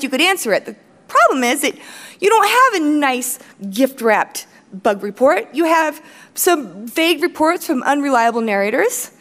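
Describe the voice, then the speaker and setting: A woman with a high, lively voice gives a live talk on a conference stage. She speaks bluntly, swears freely and jumps into self-mocking asides, her pitch swinging widely as she makes her points. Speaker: conference speaker, company CEO. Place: large conference hall stage.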